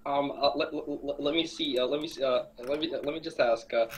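A man's voice: on the high side, steady tone, fast, crowd noise. A young man playing in a tabletop game, stammering and swearing as he decides what to do. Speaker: player. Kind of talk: casual tabletop game chat. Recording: clear background noise on the line.

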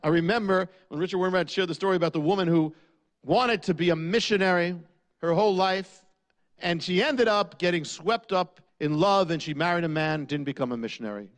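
A man preaching a sermon, asking rhetorical questions and dropping low on key lines. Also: brisk.

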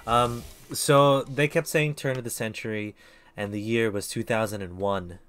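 A man's voice: lowish voice, fairly even intonation, normal speed, a bit bright. A man streaming a video game, rambling in casual commentary and putting himself down. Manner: rambling, self-deprecating.

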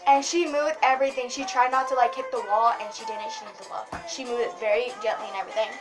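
A young woman chatting excitedly in a casual vlog, rambling with lots of fillers. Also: fairly high pitch, quick pace. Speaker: vlogger. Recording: music playing behind.

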